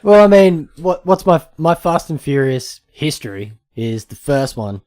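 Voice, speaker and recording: A man's voice: fairly high pitch, very animated, a little slow, darkish tone. A man, co-hosting a casual podcast chat and throwing in wry, sweary quips. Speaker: podcast co-host.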